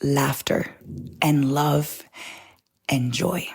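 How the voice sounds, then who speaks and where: An older woman in an interview, a chef and author speaking in a heartfelt, halting way, close to tears at moments. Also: rumbling low, gravelly, a little mellow, slightly rough. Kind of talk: emotional interview conversation.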